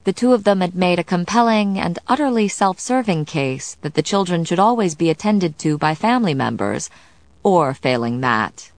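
A woman narrates a novel in the first person, steady and measured. Her voice is low and the recording is close and dry, with no room sound. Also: no echo. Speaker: audiobook narrator. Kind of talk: scripted narration.

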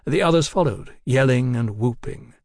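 The clip has a man narrating an audiobook, his medium-pitched voice steady and even at a normal pace. The sound is clean studio audio with no echo.

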